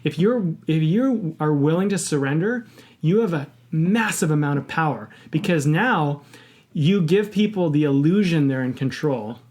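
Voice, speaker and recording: A man's voice: fairly high pitch, moderate pace. A man co-hosting a casual podcast, telling stories animatedly and acting out what others said. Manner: animated storytelling, acts out quoted dialogue. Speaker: podcast co-host.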